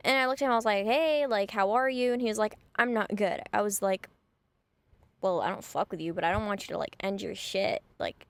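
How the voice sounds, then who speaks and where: A woman's voice: medium pitch, dry recording. A young woman telling a casual, gossipy story for her vlog, chatty and full of "like". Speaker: vlogger.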